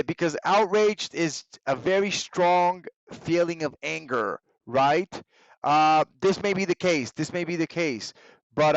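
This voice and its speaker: A young man teaches English to students in a live online class, his plain as he moves between the two languages. His voice sits fairly high and he takes each word slowly and carefully. The sound is dry and a little dull, like a basic streaming mic. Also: no echo. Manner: patient, explains slowly, switches between English and Spanish.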